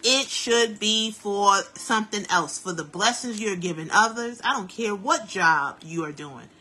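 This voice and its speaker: A woman hosting a live stream from home while doing hair, giving chatty, preachy life advice in a lively, down-to-earth way. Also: mid-range voice, a little slow, breathy edge. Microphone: phone live stream.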